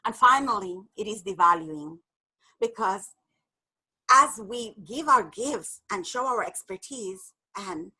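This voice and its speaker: A woman guest explaining an idea in a lively interview, laughing often and acting out the voices in her examples. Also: mid-range voice, husky, low-quality recording. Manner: animated, laughs often, acts out apologetic voices. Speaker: guest speaker. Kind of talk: conversational explanation with acted examples.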